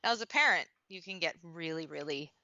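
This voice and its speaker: Woman coach talking in an interview, earnest and chatty, crisp bright voice, dry dull audio. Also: sits low, lively intonation, fairly quick, dry recording. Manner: earnest, talkative, many "you know" fillers and restarts. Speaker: parenting coach. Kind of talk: conversational interview answer.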